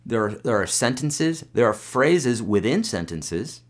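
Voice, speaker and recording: A man's voice: mid-range voice, sing-song, unhurried. A man teaching guitar on a live webcast, reading out viewer questions and answering them in a loose, chatty way.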